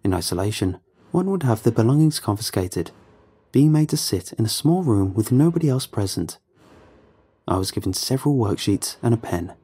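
A man narrating a first-person horror story in a calm, measured, low-key way. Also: slightly rough.

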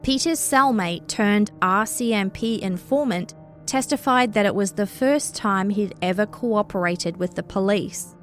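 A woman narrating a true crime story in a measured, scripted storytelling delivery. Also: mid-range voice, soft background music.

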